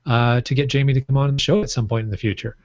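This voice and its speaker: A man's voice: medium pitch, steady tone, fast talker, a little mellow, no room sound. Podcast co-host, male, rambling and joking, dry and slightly dull recording. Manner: rambling, jokey, laughs often. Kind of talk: casual chat. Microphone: microphone on a stand. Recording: muffled, dry podcast audio.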